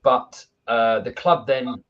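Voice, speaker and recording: A man's voice: medium pitch, slow, muffled recording. A man, a football coach, telling stories in a casual video chat. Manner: animated storyteller, laughs at his own anecdotes.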